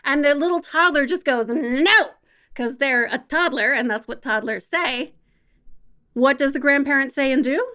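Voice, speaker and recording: A woman's voice: sits high, moderate pace, pushed and bright. A woman sex educator talking frankly and wryly as a podcast guest, emphatic and conversational.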